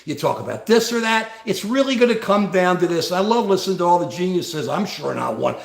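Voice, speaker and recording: A livestream host delivers political commentary with passion, his high, gravelly voice swinging widely in pitch at a brisk pace. He asks rhetorical questions and often repeats his words, and the room he's in is echoey.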